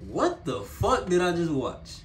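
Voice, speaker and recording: A young man doing reaction commentary, with excitable, incredulous and profane outbursts. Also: high voice, unhurried, roomy sound, recorded from a distance, a little hiss or hum. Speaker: reaction streamer.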